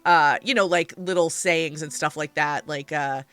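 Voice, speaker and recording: Woman panel host, easygoing and giggly, bright voice. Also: low voice, fairly even intonation, moderate pace, soft background music. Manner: easygoing, giggly, loose filler-heavy talk. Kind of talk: hosting a panel discussion.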